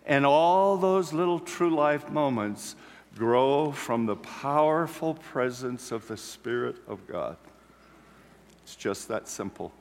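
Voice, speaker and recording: A man preaching a storytelling sermon, swinging between loud, excited passages and hushed, quiet ones. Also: medium pitch, takes it slowly, a little hiss or hum. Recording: long hall reverb.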